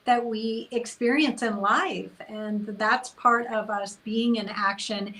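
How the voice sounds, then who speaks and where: A woman's voice: fairly high pitch, steady tone, slow pace, bright, forceful tone, poor audio. Earnest woman podcast guest. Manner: earnest, speaks in spiritual terms. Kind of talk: casual podcast conversation.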